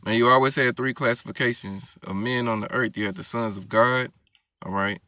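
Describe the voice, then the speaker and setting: A man's voice: mid-range voice, steady tone, brisk, sharp tone, clear, resonant tone, dry recording, studio quality. A man preaching, reading scripture verses aloud and explaining them, often checking in with "all right?". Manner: keeps asking "all right?" and "you know what I'm saying".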